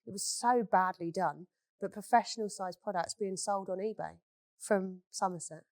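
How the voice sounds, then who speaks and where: A woman's voice: medium pitch, moderate pace, darkish tone, dry recording. A woman, a beauty business owner, telling stories in a candid chat and swearing freely. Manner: blunt, swears freely, storytelling.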